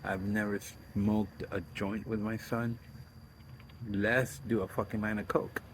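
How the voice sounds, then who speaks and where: A man's voice: fairly low pitch, little pitch movement, measured pace, noisy background. A middle-aged man talking in a blunt, profane, rambling way, telling stories casually on his own show. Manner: blunt and profane, trailing off and restarting. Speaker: host of a self interview.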